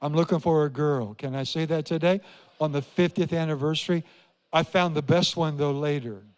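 An older man from Iowa preaches a sermon in a slightly high voice, driving his points home with repetition and questions to the congregation. His voice carries a long reverb through a large church hall. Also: steady tone, normal speed, darkish tone, clean tone. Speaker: pastor. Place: church sanctuary.

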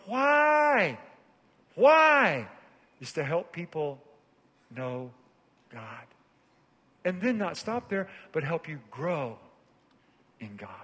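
Male pastor, high voice, sermon delivery that drops to a hush then builds to shouts; long hall reverb. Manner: preaching with big swings from hushed low phrases to shouted climaxes.

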